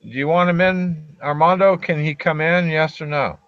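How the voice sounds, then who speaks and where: A man's voice: on the high side, moderate pace, clean tone, no echo. A man hosting a casual group call, talking bluntly with teasing, crude banter. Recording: dull lo-fi online call audio.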